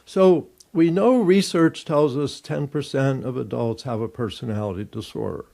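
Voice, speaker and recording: An older man, a therapist and author, giving measured, explanatory answers in an interview, thinking aloud as he goes. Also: medium pitch, vocal fry, dark tone.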